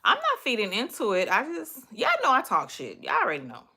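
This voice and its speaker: A woman's voice: mid-range voice, huge pitch swings, fairly quick, sharp tone, husky. A young woman from Miami, with a Miami accent, talking bluntly and cussing freely as she rants and chats with viewers on her livestream. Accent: Miami, Southern US. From Miami, Florida. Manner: profane, blunt, trash-talking. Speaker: livestream host. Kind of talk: casual livestream rant to viewers.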